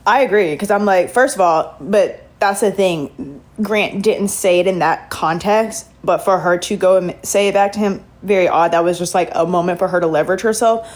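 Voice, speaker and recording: A woman's voice: lowish voice, moderate pace, a little mellow, poor audio. A woman chatting casually to her viewers on a livestream while she reacts to a TV show, laughing often.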